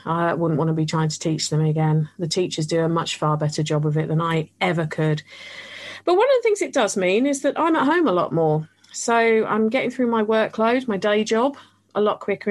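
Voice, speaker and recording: Chatty enthusiastic British woman host. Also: medium pitch. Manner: chatty, enthusiastic, laughs easily. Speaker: radio show host. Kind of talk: casual interview chat.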